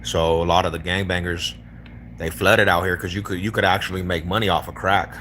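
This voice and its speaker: Speaking briskly in a low, level, slightly bright voice with a bit of background noise, the Denver-accented streamer from East Denver, Colorado, chats with strangers. He keeps it laid-back and slangy, tossing out homie, bro and fool.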